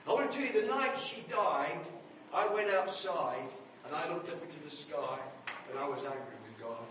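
A man's voice: on the high side, animated, moderate pace, a bit bright, far from the mic, a little hiss or hum. Older male preacher in an echoey hall. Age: 70s. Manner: earnest storytelling, swelling to emphatic. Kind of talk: sermon.

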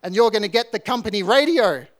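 A man's voice: high voice, expressive, fast. A man doing a barking drill corporal. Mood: menacing, taunting. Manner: loud, barking threats. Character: harsh male army drill corporal, taunting and menacing.

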